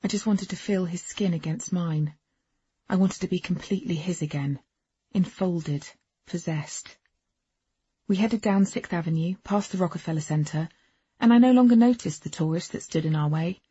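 A woman's voice: on the low side, moderate pace, mellow, breathy edge, dry recording. A woman narrating a first-person novel in an intimate, wry storytelling manner. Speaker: audiobook narrator. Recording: dull, dry lo-fi recording.

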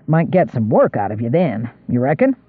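A man voicing a gruff country squire. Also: medium pitch, very animated, moderate pace, no room sound, narrow, tinny audio, voice pushed down. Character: older rural male squire, gruff and dry.

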